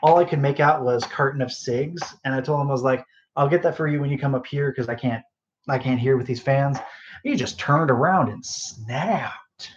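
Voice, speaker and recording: A young man rambling through a story from his retail job, losing his thread and wandering into asides, sounding sleep deprived. His voice sits at an ordinary middle pitch. The phone on his bedside table gives the sound a slightly dull, muffled quality. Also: normal speed, slight background noise. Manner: rambling, lots of fillers and asides. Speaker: podcast host. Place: bedroom, phone on end table.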